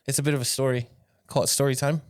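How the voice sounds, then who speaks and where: A young man co-hosting a podcast, telling stories in a casual, animated way, teasing his friend and laughing a lot. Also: medium pitch, quick pace, clear, resonant tone. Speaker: podcast co-host and business owner. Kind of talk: casual chat.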